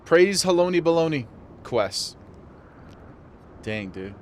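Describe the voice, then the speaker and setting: A man's voice: a little high, big pitch swings, takes it slowly, slight background noise. A man streaming a game, chatting casually with viewers and laughing often. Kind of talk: casual live-stream chat while gaming.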